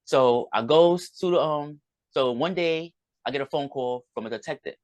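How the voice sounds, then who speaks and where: A man's voice: a little high, normal speed, dry recording. A man, a podcast guest, tells a personal story in rambling conversation, often acting out what others said. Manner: rambling, recounts events with quoted dialogue.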